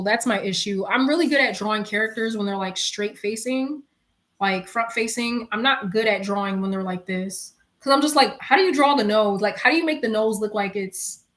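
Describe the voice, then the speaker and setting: A young woman from New York with a New York accent, chatting casually and retelling a story in slangy, animated talk with frequent laughs. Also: mid-range voice, brisk. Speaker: streamer. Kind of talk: casual chat.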